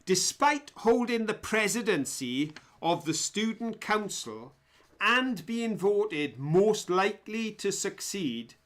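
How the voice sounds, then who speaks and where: A man's voice: sits high, big pitch swings, slow, a bit bright. A man hosting a live online quiz, chatty and jokey as he reads out viewers' answers. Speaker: quiz host.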